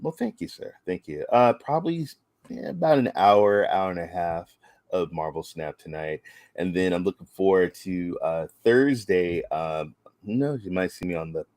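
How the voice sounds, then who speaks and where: A man's voice: deep voice, animated, moderate pace, darkish tone, no room sound. A man co-hosting a casual online chat show, rambling through announcements with plenty of fillers. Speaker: co-host.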